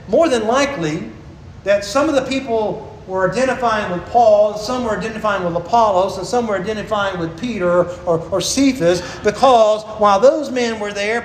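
A man preaching a sermon as a pastor, earnest and emphatic, slowing down to stress key phrases. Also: high-pitched, roomy sound, a little hiss or hum, rough recording.

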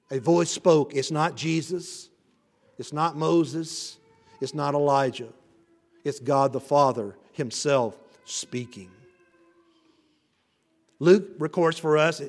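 A male pastor preaching an expository sermon, building to emphatic rising passages and then dropping low. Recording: reverberant hall.

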